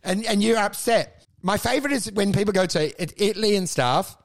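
A man's voice: high voice, fairly quick, gravelly. A man co-hosting a comedy podcast, riffing profanely and rambling while acting out bits in quoted voices.

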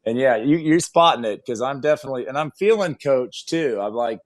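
A middle-aged man, hoarse and raspy from coaching, co-hosting a podcast in a relaxed, chatty way. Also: mid-range voice. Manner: relaxed, chatty, drawn-out sentences. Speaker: podcast co-host. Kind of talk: casual chat.

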